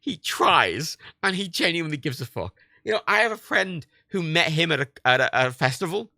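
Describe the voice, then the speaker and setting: A man in his late twenties tells a story live on stream in loose, sweary chat. His voice has a gravelly, fry-edged texture and a bright, forceful tone. His pitch leaps around as he gets into it, and the sound is dry and close. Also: a little fast, no room sound. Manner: animated storytelling, swears a lot, laughs often. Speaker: livestream host. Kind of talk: casual livestream chat.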